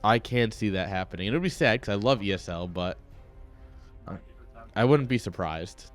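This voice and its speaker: A man's voice: fairly low pitch, animated, normal speed, soft background music. A man casting a live strategy game, easygoing and joking, often laughing. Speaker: esports caster. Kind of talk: casual live game commentary.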